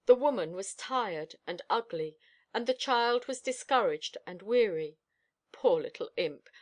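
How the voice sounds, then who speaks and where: Woman narrating an audiobook. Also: a little high. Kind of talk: audiobook narration in a dog's first-person voice.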